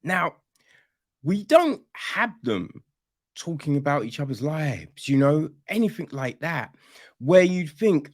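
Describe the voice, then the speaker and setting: A man tears into a film in a loose, sarcastic podcast rant, cursing as he goes. His voice sits fairly high and swoops about expressively, yet he takes his time over every point. The sound is close and dry, with no room around it. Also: big pitch swings, slow pace, dry recording. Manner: sarcastic, swears freely, mocks the film; rambling with restarts and "you know what I mean". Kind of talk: casual ranting film review.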